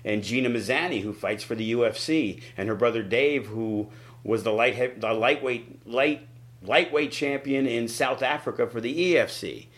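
A man in a casual interview telling the story of a big wrestling show. He talks in an animated way and leaps up in pitch when he quotes people. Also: moderate pace. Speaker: wrestling promoter.

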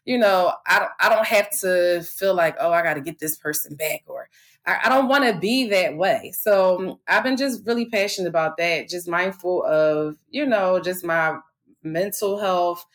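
A woman in her thirties talks in an unguarded, rambling way, swearing freely and circling back with fillers as she chats. Her voice sits a little low for a woman. The feel is easygoing, open podcast talk. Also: measured pace, fairly bright tone. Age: 30s. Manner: candid, profane, rambling with many fillers. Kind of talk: casual chat.

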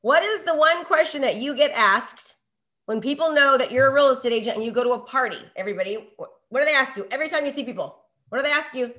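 Middle-aged female real estate coach, bright higher pitch, energetic, runs a live online class with constant "okay?" check-ins. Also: fast talker. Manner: energetic, peppers talk with rhetorical questions and "okay?".

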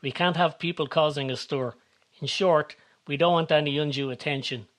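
A man's voice: a little high, steady tone, moderate pace, a bit bright, natural voice. A man doing a sly fixer.

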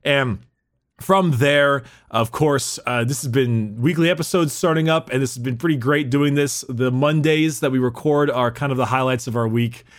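A young man co-hosting a podcast in casual chat, excited and rambling, swearing casually and laughing often. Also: medium pitch, moderate pace. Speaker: podcast co-host.

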